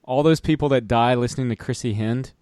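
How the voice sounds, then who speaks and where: A man's voice: medium pitch, a little fast, a little mellow, no echo. Man, podcast co-host, wry asides, casual chat, dry mic.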